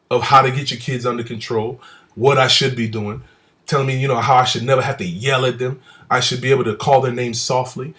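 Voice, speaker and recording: A man telling a personal story about a church visit at home, acting out the people he quotes with big swings between loud and soft. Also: mid-range voice. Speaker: speaker recounting a church visit. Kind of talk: animated personal testimony.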